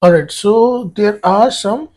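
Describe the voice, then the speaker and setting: Male tutor, high for a man, very unhurried, explaining grammar slowly as he writes on a board. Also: darkish tone. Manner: explains step by step while writing on a board; spells words out letter by letter. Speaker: French tutor. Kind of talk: exam-prep grammar lesson.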